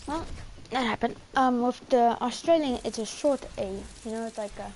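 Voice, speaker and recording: A woman's voice: on the high side, normal speed. A woman rambling through casual gameplay commentary, self-mocking and full of fillers and restarts. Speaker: gamer streaming a match. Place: home, indoors. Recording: clear background noise.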